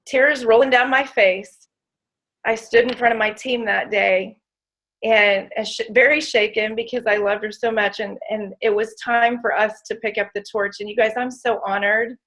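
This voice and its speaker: A woman tells her story as an inspirational talk, and her voice sits a little higher than most. She speaks with feeling and leans hard on her key points, turning often to the audience. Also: steady tone, moderate pace, a bit bright, rough recording. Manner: emotional, emphatic, addresses audience as "you guys". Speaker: motivational speaker.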